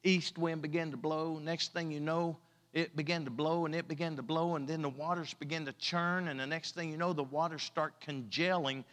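High bright-voiced preacher in a reverberant church. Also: male voice, steady tone. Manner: preaching with drawn-out emphatic repetition and humor. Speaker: pastor. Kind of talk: sermon. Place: church sanctuary.

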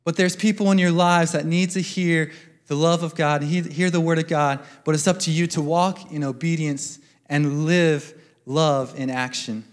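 A man with a fairly high voice speaks earnestly to a church, urging action and reading verses aloud in a steady, preaching tone. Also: moderate pace. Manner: earnest, exhorting, quotes scripture. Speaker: mission team speaker. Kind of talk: sermon testimony. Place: church sanctuary.

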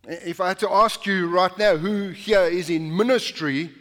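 A man's voice: high voice, a little slow, fairly bright tone, long reverb tail. A male pastor preaching a sermon in a conversational, anecdotal way, often restarting his sentences. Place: church sanctuary.

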